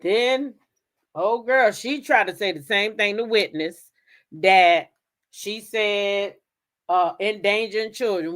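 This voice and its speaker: In a slow, medium-pitched voice, a woman hosting a commentary channel dramatically retells a courtroom story. She's casual and animated, laughing along and throwing in many asides to her viewers.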